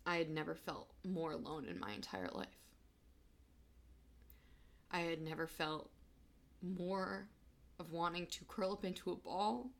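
Young woman, creaky voice, slow and halting, low-pitched, holding back tears. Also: lively intonation. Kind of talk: personal story of loss.

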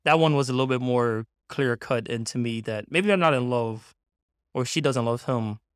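A man in a casual film discussion, explaining his view at length in a measured, analytical way. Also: medium pitch, clean tone, no room sound, clean studio sound.

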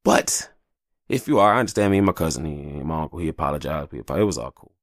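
A married man hosting his own podcast, talking casually and profanely in a rambling monologue, often jumping into exaggerated high voices. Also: fast talker, no echo, studio quality. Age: adult, married with kids. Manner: rambling, profane, animated, jumps into high-pitched quoted voices. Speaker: podcast host.

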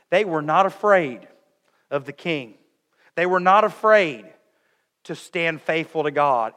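A man preaching a sermon, emphatic, moving between raised passages and hushed ones. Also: fairly high pitch, in a large hall. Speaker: pastor.

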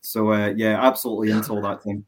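A man's voice: fairly low pitch, flat delivery, fast talker. A man from Scotland, a mild-mannered guest talking hesitantly in a casual interview. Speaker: guest fan.

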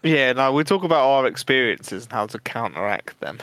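A man co-hosting a casual gaming podcast, easygoing and quick to giggle. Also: medium pitch, lively intonation, a bit bright, dry recording. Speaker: podcast co-host. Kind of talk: casual chat.

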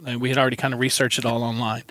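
A man's voice: mid-range voice, little pitch movement, sharp tone, no room sound. Dry-sounding man telling a story. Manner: halting, chuckles while telling. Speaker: guest. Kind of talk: casual storytelling. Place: inside a parked van.

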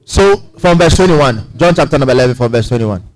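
A man's voice: animated, fast talker, poor audio. A man preaching a sermon, emphatic, often asking the congregation questions. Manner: emphatic, asks the congregation questions, big swings in pitch.

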